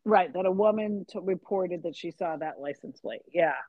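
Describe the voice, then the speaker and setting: A woman's voice: lowish voice, normal speed, dry recording, muffled recording. A woman co-hosting a podcast, chatting casually about a book and acting out the characters' lines. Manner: chatty, acts out characters' lines, laughs easily. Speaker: podcast co-host. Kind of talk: casual chat recapping a mystery novel.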